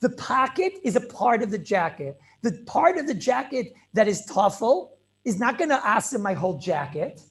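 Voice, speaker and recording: A rabbi teaches a Talmud class over a video call in an animated Torah lecture, his voice sitting high with a sing-song lilt at a moderate pace. He's emphatic and repetitive, mixing Hebrew and Yiddish terms into his English.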